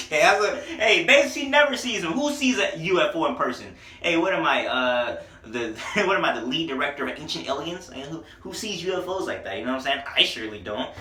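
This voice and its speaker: A young man giving a casual, profane, excitable album review, laughing at his own jokes. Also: medium pitch, far from the mic. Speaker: music reviewer. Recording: echoey room, voice away from mic.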